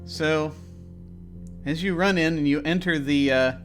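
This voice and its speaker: Halting male game master. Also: a little high, faint music behind. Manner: halting, many ums and restarts. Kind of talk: narrating a tabletop game.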